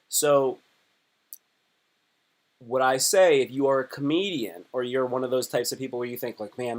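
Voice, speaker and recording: Chatty male comedian on a livestream. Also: fairly high pitch. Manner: chatty, animated, rambling with restarts. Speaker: comedian and live streamer. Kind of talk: casual livestream talk.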